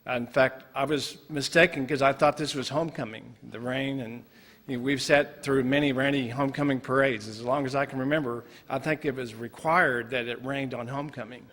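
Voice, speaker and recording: A man from Oklahoma speaks at an induction ceremony, earnest and reminiscing with a few pauses. His voice sits at an ordinary middle pitch. A long reverb hangs in the hall around him. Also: fairly even intonation, a bit bright. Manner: earnest, reminiscing, some hesitation. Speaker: son giving a family tribute.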